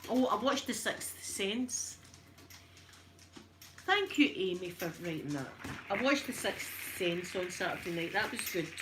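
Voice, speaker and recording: A Scottish woman talks her way through a live stream at an everyday pitch, emotional and close to tears as she chats and greets viewers one by one. Her voice sits over a clear hiss of background noise with scattered clicks. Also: sing-song, measured pace. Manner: emotional, tearful, chatty, greets viewers warmly by name. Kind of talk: chatty live stream while ironing.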